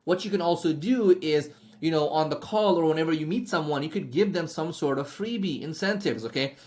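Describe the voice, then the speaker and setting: A man's voice: fairly high pitch, brisk, a little mellow. Chatty man teaching sales. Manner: chatty, peppers lines with "okay?" and "right?". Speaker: sales trainer. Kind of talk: casual spoken masterclass.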